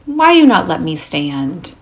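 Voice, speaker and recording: A woman voicing a confused grown man after a seizure, who asks slow, childlike questions. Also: sits low, big pitch swings, heavily acted.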